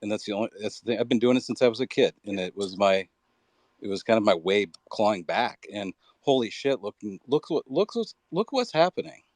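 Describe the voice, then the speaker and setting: A man's voice: lowish voice, expressive, brisk, a little mellow, no echo. A man speaking candidly and reflectively in a casual online audio chat, with frequent loose fillers.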